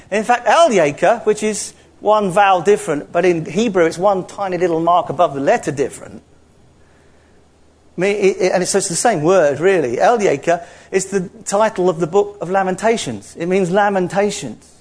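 High-voiced man preaching a playful sermon. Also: moderate pace. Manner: animated, playful, acts out dialogue with God.

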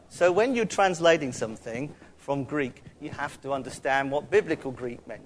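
A man's voice: mid-range voice, a little hiss or hum. A man with a London accent giving a sermon in a chatty, conversational way, with asides to the congregation. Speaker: preacher.

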